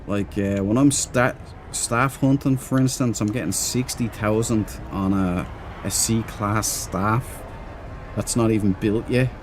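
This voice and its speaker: Male game streamer, lower register, loose rambling chat with viewers, easy laugher. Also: fairly even intonation, takes it slowly, slight background noise. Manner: rambling, chatty, reads and answers chat; laughs easily. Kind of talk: casual live-stream chat.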